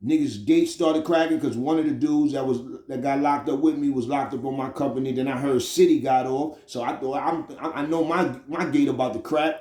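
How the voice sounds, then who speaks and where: A middle-aged man with a New York accent casually telling a story about his prison time, streetwise and animated, with frequent "you know what I'm saying.". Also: mid-range voice, fairly quick, hardly any pauses, reverberant. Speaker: storyteller recounting prison experiences.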